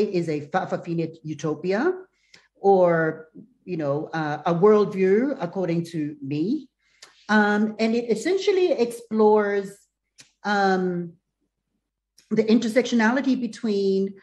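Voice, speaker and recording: A woman's voice: mid-range voice, a little mellow. A woman speaking as an artist guest, telling a story casually at a live panel. She is long-winded and hesitant, with many fillers, in a mid-range voice.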